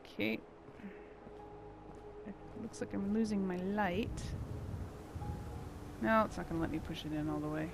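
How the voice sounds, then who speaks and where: A woman's voice: mid-range voice, measured pace, vocal fry, long pauses, noisy background. A woman giving casual gameplay commentary, muttering and thinking aloud to herself as she builds. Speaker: gameplay channel host.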